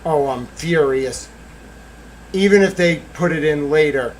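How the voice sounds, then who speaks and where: A man hosting a solo livestream, talking in theatrical bursts that swing from quiet asides to loud outcries and laughter. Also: fairly high pitch, measured pace, poor audio. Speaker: livestream host.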